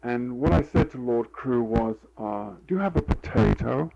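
In a muffled recording, an older male interviewee rambles through stories of his life, meandering with many fillers and performing the quoted dialogue. His mid-range voice is animated, warm and creaky at normal speed.

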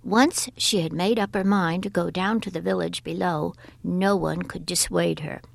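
A woman reads a folk tale aloud with a gravelly voice. She is expressive and often sinks to a breathy whisper, and her voice sounds dry and close with no room echo. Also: lowish voice, moderate pace. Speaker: storyteller. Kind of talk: storybook reading.

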